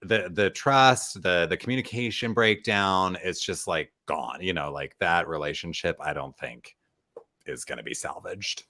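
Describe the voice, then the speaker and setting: A man co-hosting a casual TV recap chat, talking in an animated way and acting out quotes from the show. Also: low voice, measured pace. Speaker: co-host.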